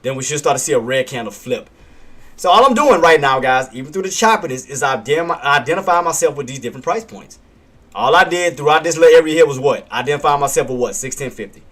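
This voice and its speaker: Excitable man calling market moves live. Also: a little high, quick pace. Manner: repeats himself, asks rhetorical questions and answers them; punctuates calls with "bam" and chuckles. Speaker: day-trading livestream host.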